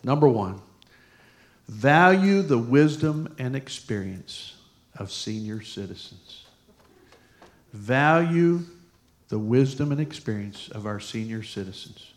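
A man's voice: mid-range voice, lively intonation, slow, pauses often. Folksy middle-aged male pastor preaching. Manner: folksy, with personal stories and jokes. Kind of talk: sermon.

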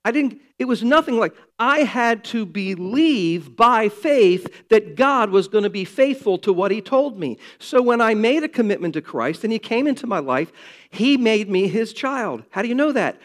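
An older man preaching a sermon, earnest and building to emphatic, loud passages. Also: high voice, lively intonation, moderate pace. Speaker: pastor.

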